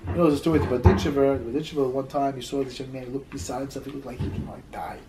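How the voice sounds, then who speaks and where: A man's voice: medium pitch, little pitch movement, very fast, very noisy. Man giving a conversational Torah class. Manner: conversational, repeats words as he searches, mixes in Hebrew terms. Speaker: rabbi teaching a class. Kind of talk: Torah class lecture with stories.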